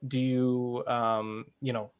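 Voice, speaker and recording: A man's voice: medium pitch, level tone, slow pace, smooth. A man, a game founder, explaining his game in a live interview, with many fillers and restarts. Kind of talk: interview answers.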